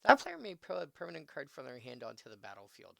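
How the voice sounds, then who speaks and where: A man's voice: mid-range voice, wildly swooping pitch, fast, vocal fry, no room sound. A man casually commenting on a live stream, reading card text aloud and adding musing asides. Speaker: streamer opening card packs.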